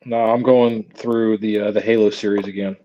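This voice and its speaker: A man's voice: fairly low pitch, flat delivery, moderate pace, dull audio, slight background noise. A man chatting as a guest on a livestream, blunt and opinionated, often restarting his words. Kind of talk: casual chat.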